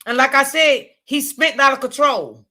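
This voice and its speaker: A woman's voice: high voice, moderate pace, sharp tone. A woman hosting a live commentary stream, talking bluntly and reading her chat aloud. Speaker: commentary livestream host.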